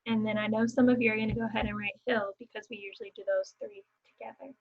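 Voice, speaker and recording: A young woman teacher giving a phonics lesson to young children, slowly sounding out words and letters and encouraging them to repeat after her. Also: mid-range voice, steady tone, creaky, lo-fi sound.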